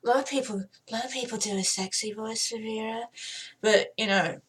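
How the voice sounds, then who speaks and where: A woman's voice: on the high side, fairly even intonation, fairly quick, slightly rough. A woman talking casually to camera in a chatty, self-deprecating way, laughing between thoughts. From not American. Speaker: gamer showing off voices.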